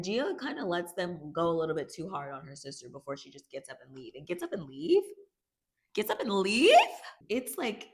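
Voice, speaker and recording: Low-voiced woman, chatty recap. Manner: animated, chatty, reacts with exclamations. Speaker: YouTube recap host. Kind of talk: casual TV recap vlog.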